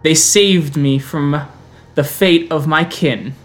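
A man's voice: on the high side, slow pace, faint music behind. A man voicing a hardened young South American teen who speaks formally and cryptically, with a thick Spanish accent. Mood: solemn.

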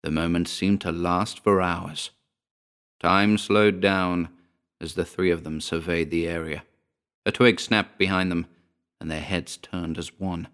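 Deep-voiced man narrating a story. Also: steady tone, measured pace, a bit bright, smooth.

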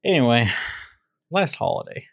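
A man co-hosting a podcast, launching into sarcastic rants with a voice that jumps all over the place. His pitch sits in a middle register, and the sound is close and dry with no room around it. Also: unhurried, no room sound. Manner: animated, sarcastic ranting. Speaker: podcast co-host. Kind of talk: casual movie podcast chat.

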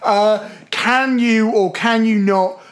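A man's voice: high-pitched, fairly even intonation, slow. A man voicing chummy but threatening alien envoys with a Cockney accent who call everyone guv. He voices them as comedy bits within a podcast. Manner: matey, calls everyone guv.

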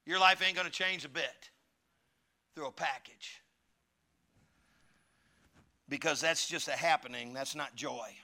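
A man preaching in a church with a high, piercingly bright voice. He talks to the congregation in a folksy, emphatic way and lifts into fervent bursts. His delivery swings between homey asides and urgent preaching. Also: normal speed. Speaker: pastor. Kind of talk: sermon. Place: church sanctuary.

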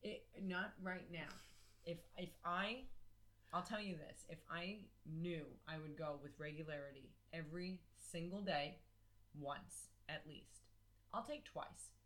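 A woman's voice: deep voice, measured pace, fairly bright tone. A young woman chatting on a comedy podcast. She talks candidly and with self-deprecating humor, and her thoughts ramble and circle back. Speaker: podcast co-host. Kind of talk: casual comedic chat.

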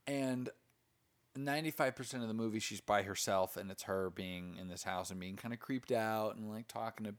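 A man's voice: on the low side, normal speed. A man in casual conversation, talking bluntly and with a lot of swearing as he picks apart a film. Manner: profane, blunt and critical. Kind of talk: casual movie chat.

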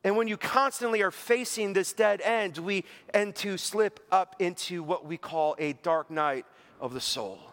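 A man's voice: high voice, unhurried, fairly bright tone. A man preaching a conversational sermon, chatty and full of rhetorical questions and acted-out inner voices. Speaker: pastor.

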